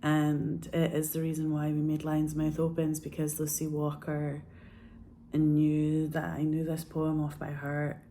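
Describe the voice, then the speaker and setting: A woman's voice: deep voice, completely flat delivery, unhurried, warm tone, a little hiss or hum. A woman who is a filmmaker, telling a personal story in a casual, earnest, rambling way full of fillers and restarts.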